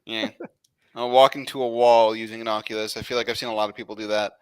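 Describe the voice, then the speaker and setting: A man's voice: lowish voice, fast talker, smooth, no echo. A man with a New York accent hosting a livestream, chatting casually and reading questions from chat. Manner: relaxed, reads chat questions. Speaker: stream host.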